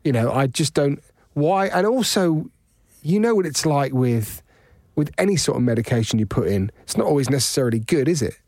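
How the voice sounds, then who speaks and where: A man co-hosting a podcast in casual chat, jokey and quick to laugh. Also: medium pitch, lively intonation, a little mellow, no echo, clean studio sound. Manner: chatty, laughs often, jokey. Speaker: podcast co-host.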